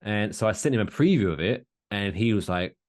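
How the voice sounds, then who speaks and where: A young man with a fairly low voice, co-hosting a podcast in loose casual chat. He rambles, circles back on himself and sometimes drops into quiet muttered asides. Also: lively intonation, brisk. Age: young adult. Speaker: podcast co-host.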